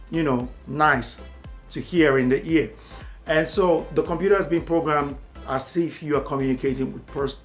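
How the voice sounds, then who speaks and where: A man tutoring for a language exam, explaining steadily and repeating key words for emphasis. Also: a little high. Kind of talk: instructional talk to camera.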